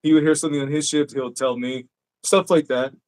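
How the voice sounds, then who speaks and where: A man's voice: a little high, fairly even intonation, a little fast, a little mellow. A man hosting a podcast, telling stories in a casual, profane way. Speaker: podcast host. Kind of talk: casual chat.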